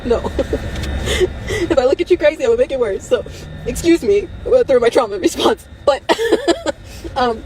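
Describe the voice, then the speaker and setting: A woman's voice: sits high, sing-song, a little slow, pauses often, darkish tone, a little hiss or hum, rough recording. A young woman talking in an emotional unscripted monologue, rambling and strained, close to tears, breaking into nervous laughter between phrases. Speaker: vlogger.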